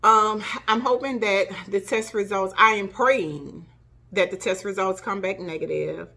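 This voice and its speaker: A woman's voice: medium pitch, fairly even intonation, measured pace, gravelly, sharp tone. A middle-aged woman hosting her own channel, chatting emphatically and directly to her viewers in a casual vlog. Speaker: home decorating channel host.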